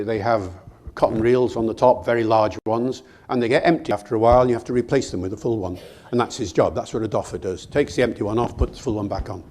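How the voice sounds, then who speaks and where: Older male lecturer telling a story. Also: medium pitch. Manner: storytelling, lively, addresses audience directly. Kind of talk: public lecture.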